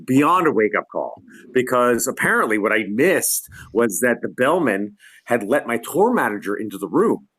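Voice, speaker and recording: Lively middle-aged man telling a story. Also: medium pitch, normal speed. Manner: animated storyteller, acts out quotes, laughs often. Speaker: guest lighting designer. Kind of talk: casual storytelling. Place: his home.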